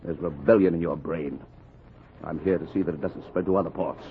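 An actor playing a stern British naval captain who threatens a ship's crew, in old radio drama acting. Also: male voice, sits low, steady tone, brisk, a little hiss or hum. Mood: threatening. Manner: cold, threatening. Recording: tinny lo-fi old radio recording.

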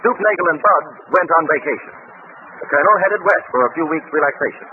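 A man's voice: on the high side, lively intonation, fast, narrow, tinny audio. A man as a radio announcer giving a formal, grandiloquent 1930s introduction. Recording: scratchy 1930s radio broadcast.

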